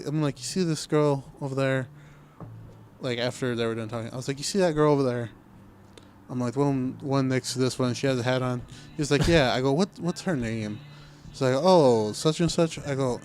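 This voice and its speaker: A man's voice: mid-range voice, darkish tone, a little hiss or hum. A young man telling a casual story on a podcast recorded in a car, acting out what people said. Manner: laid-back storytelling, acts out quoted talk. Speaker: podcast co-host. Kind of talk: casual chat.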